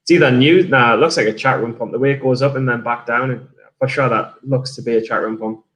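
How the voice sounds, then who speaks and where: This fast-talking day trader streamer has a mid-range, steady voice with a fairly bright tone and an English accent, being from England. He casually chats about his trades on a livestream and reads out viewer messages, rambling, swearing freely, and repeatedly restarting sentences.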